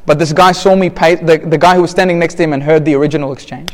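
A man with a fairly high voice tells a personal story, candid and rambling, often restarting and brushing off details. His voice rings through a large hall with a long reverb tail. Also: steady tone, fast talker. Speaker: speaker telling a personal story.

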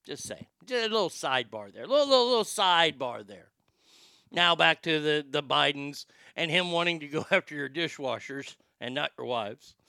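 Crisp, bright-voiced ranting man. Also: a little high, big pitch swings, moderate pace, no echo, clean studio sound. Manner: sarcastic, profane, stammering restarts. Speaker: podcast host. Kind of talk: casual ranting commentary.

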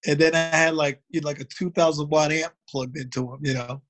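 A man from Baltimore chats casually as a guest, his voice sitting a little high for a man. He tells his stories in a loose, rambling way and keeps reaching for "you know" as he goes. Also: steady tone, brisk, a bit bright, soft background music. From Baltimore, United States. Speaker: drummer, guest. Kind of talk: casual interview chat.

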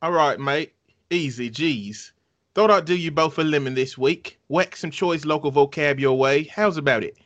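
Cheeky British bloke, slang-heavy, clipped and jokey, put on by a man, bright and a little high. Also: moderate pace, dull audio, natural voice. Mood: playful. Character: cheeky British man reading his own letter.

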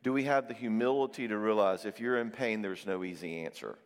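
A man's voice: on the low side, a little fast. Man preaching conversationally in a hall. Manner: conversational, acts out quoted voices. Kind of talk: sermon.

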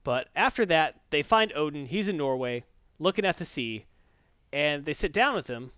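Animated man recapping a movie. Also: fairly high pitch, moderate pace, clean tone, no echo. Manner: animated storytelling with acted quotes. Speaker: movie reviewer. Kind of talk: casual chat. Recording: dull lo-fi dry recording.

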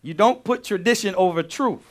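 A male pastor teaching a sermon, animated, repeating key phrases and firing questions at his congregation. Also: sits high, normal speed, a little hiss or hum.

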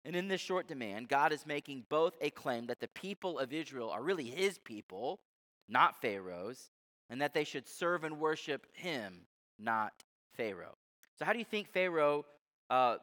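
A man's voice: a little high, sharp tone. A male pastor preaching a sermon in a conversational, emphatic way, explaining things to his listeners. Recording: long hall reverb.

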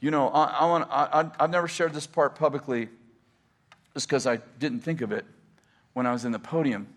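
A middle-aged man, a pastor, telling stories in a casual, animated way and laughing often as he talks. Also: mid-range voice, breathy edge. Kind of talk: casual storytelling.

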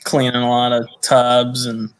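A podcast guest who keeps snakes chats casually in a mid-range, monotone, smooth voice at an unhurried pace. He rambles, drifting from thought to thought and filling his sentences with "you know" and "uh."

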